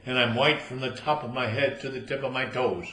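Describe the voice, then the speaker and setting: Brief: a man playing a lofty old-money snob, low, slow, bright edge, roomy. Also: steady tone, lightly acted. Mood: haughty. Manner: slow, lofty, spelling out words. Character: haughty tall old-money gentleman, snobbish. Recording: roomy hall with faint noise.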